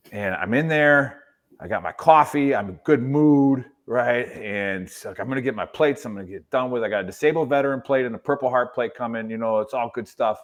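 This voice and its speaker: Man, mid-pitched voice, casual veteran podcast co-host, forceful storyteller, keeps checking in with "right?". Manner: emphatic, rhetorical "right?" tags.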